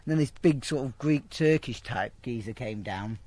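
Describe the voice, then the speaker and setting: A man telling a crude, profane anecdote in a blunt, animated way to an interviewer. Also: mid-range voice, moderate pace. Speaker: storyteller. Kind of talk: casual anecdote told to an interviewer.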